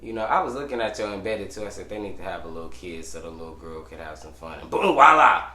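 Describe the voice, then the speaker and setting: A man's voice: sits low, steady tone, quick pace, reverberant. Brash, profane podcast host man. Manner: brash, profane, swings between shouting and muttering. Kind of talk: loud casual sports rant. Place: studio.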